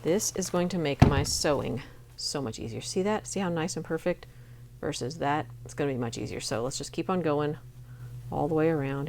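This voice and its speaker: A woman's voice: low-pitched, expressive, moderate pace, vocal fry, darkish tone, slight background noise. A middle-aged woman hosting a sewing tutorial, chatty and encouraging as she demonstrates each step at her machine. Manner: chatty and encouraging, talks while working.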